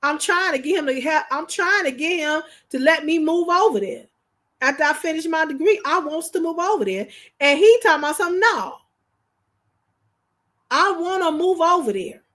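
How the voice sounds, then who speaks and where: High-voiced chatty woman livestreaming. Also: a little fast. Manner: animated, chatty storyteller addressing viewers directly; informal, slangy speech. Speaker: livestream host. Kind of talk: casual livestream chat.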